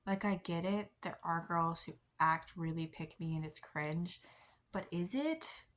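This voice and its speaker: A young woman talks casually into her camera, rambling along with lots of likes and ums. She laughs softly at herself now and then, and her voice sits a little low for a woman. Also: animated, measured pace. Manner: rambling, many likes and ums, soft self-deprecating laughs. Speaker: vlogger. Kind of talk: casual confessional chat to camera.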